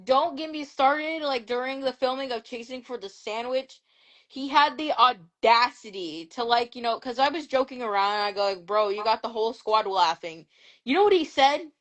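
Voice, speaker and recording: A woman's voice: fairly high pitch, moderate pace, a bit bright. Young woman chiming in on a livestream. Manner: hesitant, profane, stacking fillers. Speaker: guest joining the stream. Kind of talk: casual livestream chat.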